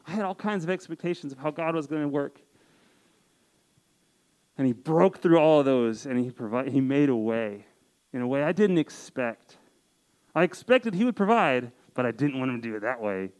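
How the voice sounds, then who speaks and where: On a low-quality recording, a young campus ministry speaker in his twenties preaches to a campus group. His medium-pitched voice is gravelly and a little mellow, animated at a moderate pace with frequent pauses, as he earnestly tells a personal story full of casual "like" fillers.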